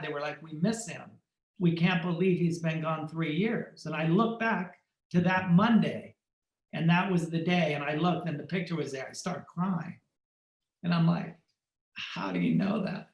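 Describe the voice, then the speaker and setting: Podcast guest, male, high voice, roomy echo; animated storyteller who voices every character in the tale. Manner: acts out quoted dialogue in lively shifting tones. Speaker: podcast guest, fashion photographer.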